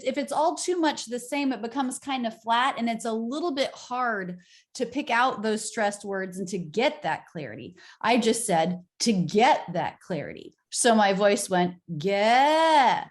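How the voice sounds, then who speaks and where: A woman coaching English pronunciation, encouraging and demonstrating pitch changes with exaggerated examples. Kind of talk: accent coaching session.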